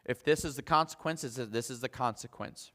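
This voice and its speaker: A man's voice: medium pitch, normal speed, pushed and bright, in a large hall. A man preaching a sermon as pastor, talking conversationally with frequent restarts and acting out his own family conversations. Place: church sanctuary.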